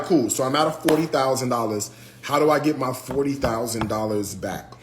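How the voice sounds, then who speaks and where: A man's voice: medium pitch, slight background noise. A man livestreaming casually to his viewers, talking through costs and scolding the chat with exasperation, calling them y'all and child. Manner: southern US vernacular, addresses viewers as y'all and child. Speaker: livestream host.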